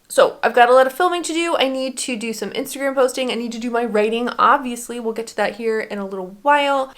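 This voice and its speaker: A young adult woman vlogging in a casual, chatty way, laughing often as she talks about her weekend of writing. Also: on the high side. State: tired. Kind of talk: casual chat.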